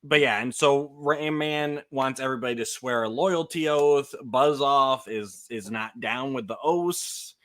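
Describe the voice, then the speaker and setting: A man co-hosting a casual fan podcast, animated and quick to laugh, often restarting his sentences. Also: medium pitch. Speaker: podcast co-host.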